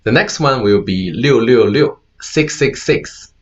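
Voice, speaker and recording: A man whose first language is Mandarin Chinese gives a talk at a conference, explaining slowly with many fillers and mixing in Mandarin words. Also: mid-range voice, lively intonation, dull audio. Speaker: conference speaker. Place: conference room.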